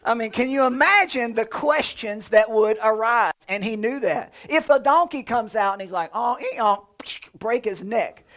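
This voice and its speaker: A man in his thirties preaching a sermon in a lively, conversational way, with jokes and playful sound effects. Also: very high voice, normal speed, hardly any pauses. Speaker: pastor.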